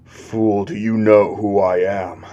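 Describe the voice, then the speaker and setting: Guy doing a bossy scornful demon lord, low dark voice. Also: level tone, slow, highs cut off. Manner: scornful, commanding. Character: haughty male demon lord on a throne.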